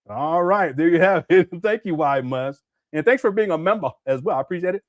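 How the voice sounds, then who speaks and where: A man's voice: fairly high pitch, expressive, a little fast, hardly any pauses, dry recording, clean studio sound. A man hosting a casual livestream, reading chat messages aloud and laughing often as he talks back to viewers.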